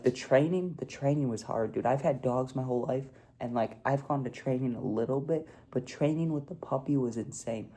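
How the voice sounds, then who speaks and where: A young man tells a story to his vlog audience in an easygoing way, tossing in "dude" and "like" as he goes. His voice is gravelly and dark, sitting at an ordinary pitch. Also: a little hiss or hum. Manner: laid-back, peppers talk with "dude" and "like". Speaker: vlogger.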